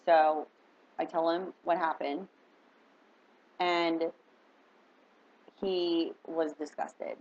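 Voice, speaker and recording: Low-voiced woman telling a rambling story. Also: flat delivery, drawn-out words, long pauses, darkish tone. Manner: rambling, emotional, heavy use of "like". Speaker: spiritual reader vlogger. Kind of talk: casual storytelling to camera. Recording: dull lo-fi with faint background noise.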